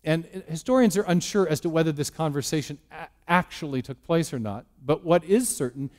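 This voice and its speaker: A man's voice: on the high side, brisk, a little mellow. A man giving a public lecture to a live audience in a church, speaking conversationally with frequent ums and uhs. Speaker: guest speaker.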